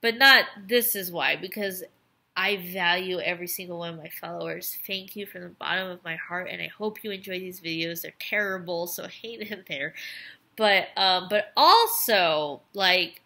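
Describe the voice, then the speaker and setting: A woman's voice: fairly low pitch, moderate pace, gravelly, bright, forceful tone. A tipsy woman vlogger rambling and gushing through a casual episode review, with restarts and trailing asides. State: tipsy from wine.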